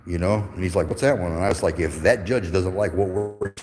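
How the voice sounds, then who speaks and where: Gravel-low, profane man in his fifties. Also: steady tone, a little fast, darkish tone, big-room sound. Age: 50s. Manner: angry, profane, rambling storytelling. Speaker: livestreaming channel host. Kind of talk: profane livestream rant. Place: courthouse building with echo.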